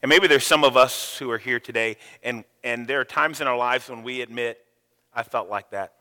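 A male pastor preaching a sermon, telling stories with sudden loud, animated rises. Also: medium pitch, fairly quick, clean tone, big-room sound. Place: church sanctuary.

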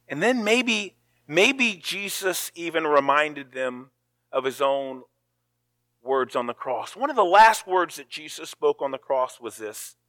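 A man preaches with a bright, forceful voice pitched a little high. His delivery is dramatic, dropping to a hush and then rising to a cry, with words often repeated. The recording is dry and close, with no room sound. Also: unhurried, dry recording. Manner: dramatic, swings from hushed to loud, repeats words. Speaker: pastor. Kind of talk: sermon.

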